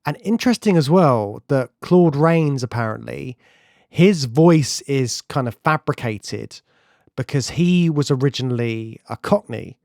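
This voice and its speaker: A man talking eagerly about old films on a podcast, his voice lively and quick to laugh. He has a mid pitch, and the recording is dry and close with no room sound. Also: vocal fry, no room sound. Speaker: podcast co-host. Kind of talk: casual film discussion.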